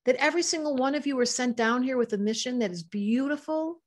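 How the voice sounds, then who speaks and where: On a live stream, an older woman teaches astrology with fervent emotion, speaking quickly in a fairly high voice. She reads viewers' chat comments aloud as she goes.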